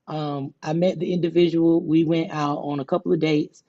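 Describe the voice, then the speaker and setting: Frank woman co-host, mellow tone, dull lo-fi sound. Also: deep voice, flat delivery, moderate pace. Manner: candid, laughs often, stammers into her points. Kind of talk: casual chat. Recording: dull lo-fi audio.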